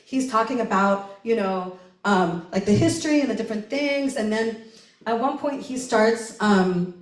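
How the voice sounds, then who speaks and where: A woman's voice: a little high, moderate pace. Chatty woman telling a story live. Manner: chatty, animated, full of "like" and "right?", laughing often. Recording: roomy live recording from a distance.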